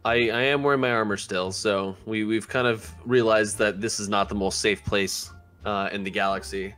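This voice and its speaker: A man playing a tabletop role-playing game, talking in a measured, hesitant way with many ums. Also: lowish voice, fairly even intonation, fairly bright tone, faint music behind. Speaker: player. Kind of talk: casual tabletop role-play.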